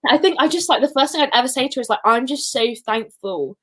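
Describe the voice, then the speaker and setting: A woman's voice: high-pitched, lively intonation, fast talker. A woman co-hosting a casual fan chat, gushing and emotional as she rambles. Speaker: podcast co-host; teacher.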